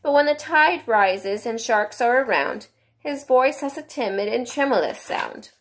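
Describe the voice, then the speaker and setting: A woman's voice: on the high side, animated, measured pace, a bit bright, pitched above the performer's own voice. A woman voicing the young girl Alice in a bedtime storybook reading, with a lilting, sing-song lift. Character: young girl Alice, polite but exasperated.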